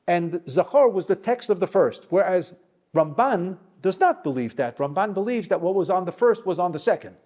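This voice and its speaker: Higher-voiced man teaching a Torah class. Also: darkish tone. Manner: digressive, sprinkled with Hebrew quotes, slows to stress key words. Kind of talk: Torah lecture.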